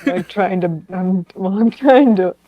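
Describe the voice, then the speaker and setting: A woman's voice: mid-range voice, a little slow, dark tone, no room sound, low-quality recording. A woman player in a tabletop game who talks hesitantly, with many ums and restarts. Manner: hesitant, with lots of fillers.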